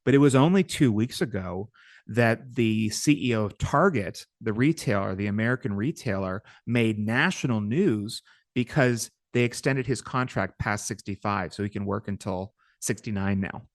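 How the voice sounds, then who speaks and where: A man with a lowish voice speaks as an interview guest, laying out his points in a steady, measured way with occasional fillers. The sound is dry and close, with no room around it. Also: no echo. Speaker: guest author. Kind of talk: interview talk.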